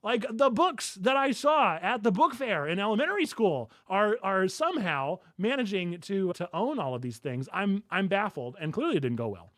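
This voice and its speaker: A man's voice: sits high, normal speed, few pauses, dry recording, studio quality. Chatty laughing man hosting a news show. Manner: laughs through his words, animated and chatty. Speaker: podcast host. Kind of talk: casual news chat.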